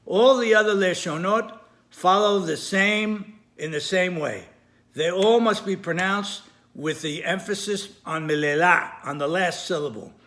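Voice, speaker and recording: A man giving a recorded lesson, explaining carefully with repetition, pauses and small self-corrections. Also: sits high, a bit bright. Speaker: Torah teacher. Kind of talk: recorded lesson on Hebrew grammar.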